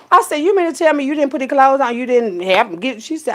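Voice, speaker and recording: A woman, telling a story in a casual rant full of profanity and swinging between loud, high bursts and low, quiet asides. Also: quick pace. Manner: animated, profane, streetwise storytelling with big pitch jumps when quoting people. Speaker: vlogger.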